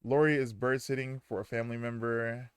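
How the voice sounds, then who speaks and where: A man's voice: medium pitch, flat delivery, fairly quick, smooth, dry recording. A young man streaming a game live, chatting casually and crudely and retelling events animatedly. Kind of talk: live gameplay commentary.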